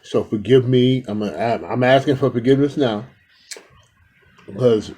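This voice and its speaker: A man with a husky, somewhat breathy voice and a dark, mellow tone talks loosely to his own camera from indoors. He rambles and speaks to his viewers directly and affectionately, like a spiritual vlogger talking to his regulars. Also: medium pitch, a little slow. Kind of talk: casual talk to camera.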